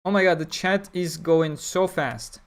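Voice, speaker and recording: A man's voice: on the high side, unhurried. A man chatting casually on a livestream, reading and answering chat with blunt, opinionated talk. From Turkey. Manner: opinionated, blunt, talks through ideas with fillers.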